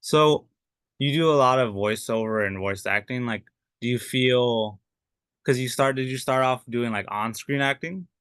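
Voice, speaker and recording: A man hosting a podcast, asking halting questions and giving frequent backchannel. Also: mid-range voice, fairly bright tone, smooth, no echo, studio quality. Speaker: podcast host. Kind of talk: interview questions.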